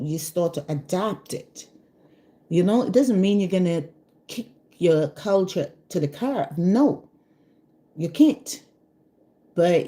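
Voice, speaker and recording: A middle-aged woman with a Jamaican accent talks earnestly straight to her viewers. Her voice sits a little low and sounds warm and mellow. She circles back to the same points and keeps checking in with "you know what I mean?". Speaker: vlogger. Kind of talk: casual direct-to-camera talk.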